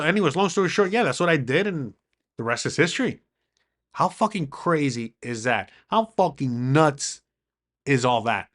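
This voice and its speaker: A man's voice: on the high side, big pitch swings, moderate pace, fairly bright tone. A middle-aged man hosting his own podcast, talking straight to viewers in a heated, profane, rambling monologue. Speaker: podcast host; criminal attorney.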